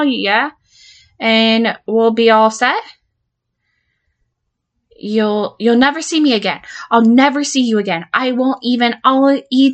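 A woman with a fairly high, natural voice acts out an audio drama monologue as a volatile patient who blackmails her therapist. Her mood is panicked and pleading, and she stammers and swears while swinging between threatening and begging.

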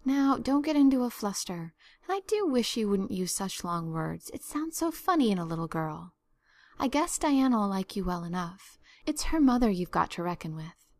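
A woman voicing a stern, practical older woman guardian who talks in a brisk, scolding, no-nonsense way. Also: medium pitch, very animated, dry recording.

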